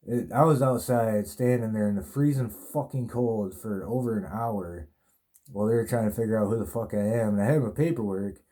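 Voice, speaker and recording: Podcast host, man, rambling profane storyteller, very dark, mellow tone, lowish voice. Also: fairly quick. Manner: rambling, heavy swearing. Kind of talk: casual storytelling.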